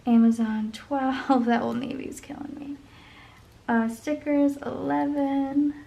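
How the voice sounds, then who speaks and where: A budget vlogger goes over her budget in casual talk, thinking aloud and murmuring sums under her breath. Her high-pitched voice is mellow and level, with vocal fry, and she takes it slowly; the audio quality is poor.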